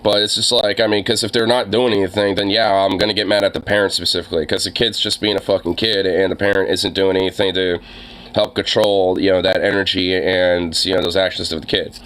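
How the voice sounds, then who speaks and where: A man's voice: low voice, little pitch movement, brisk, a bit bright. A young man ranting casually, with lots of fillers and swearing, sounding exasperated. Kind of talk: casual profane rant.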